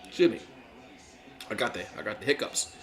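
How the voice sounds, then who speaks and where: A live stream play-by-play host calls a game casually for his viewers, rambling and chatty, with lots of fillers and frequent restarted sentences. His fairly low voice has a bright, forceful edge, swings widely in pitch, and moves briskly. The audio is echoey, like a bare room.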